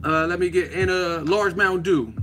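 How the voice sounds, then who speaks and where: Dude putting on a drunk guy at the drive-thru, higher voice, draggy and unsure, music playing behind. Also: natural voice. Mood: dazed. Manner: slurring, hesitant, drawn-out. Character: drunk man squinting at a drive-thru menu.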